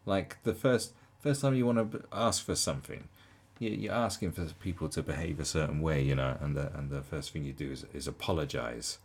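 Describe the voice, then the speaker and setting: A man's voice: a bass voice, brisk. A man giving casual reaction commentary in an incredulous, mocking way, laughing often.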